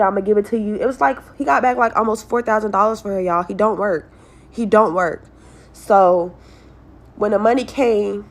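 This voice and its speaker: Blunt, cursing young woman venting. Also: medium pitch. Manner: blunt, heavily profane, talks straight to viewers. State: stressed. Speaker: vlogger telling a personal story. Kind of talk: casual story time, venting to viewers.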